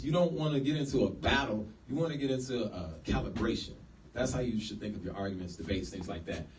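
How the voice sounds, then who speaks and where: A man's voice: medium pitch, brisk, a little hiss or hum. A man giving a casual lecture to a live audience, slangy and acting out quotes. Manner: animated, acts out quoted speech, slangy. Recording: echoey room, mic far off.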